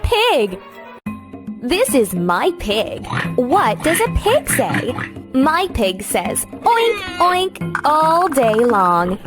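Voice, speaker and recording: A bright, high, lilting voice of a cheerful young farm girl for a children's game, drawing each word out slowly with a bouncy swoop. She sounds eager to help, over light background music. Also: very animated, exaggerated voice. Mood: sunny, encouraging. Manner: slow, sing-song, encouraging. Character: cheerful young woman farmer guiding kids. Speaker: game guide character.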